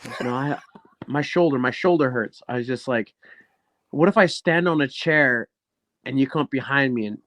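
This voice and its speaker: A man speaking at a mid-range pitch tells stories in an animated, casual way. He swears freely and acts out what others said. His voice sounds dry and close. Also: normal speed, no echo. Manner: animated, swears often, acts out quoted dialogue. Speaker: guest, professional wrestler. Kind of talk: casual storytelling interview.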